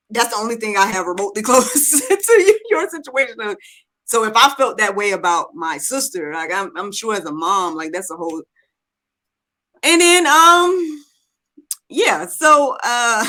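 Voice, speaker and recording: A woman's voice: medium pitch, pushed and bright. A woman hosting a talk show, rambling through her thoughts with lots of fillers before she asks a question. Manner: rambling, filler-heavy, thinking aloud. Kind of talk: casual interview chat.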